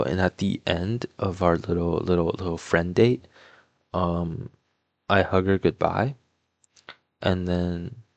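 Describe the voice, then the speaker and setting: A young man tells a personal story in a deep, monotone voice. He meanders, leaning on "like" and "um", half-distracted by a puzzle. The sound is dry and close. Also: no room sound. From Toronto, Canada. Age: young adult. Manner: rambling, filler-heavy, lots of "like" and "um"; laid-back, mumbling asides while doing a puzzle. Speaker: vlogger. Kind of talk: casual storytelling.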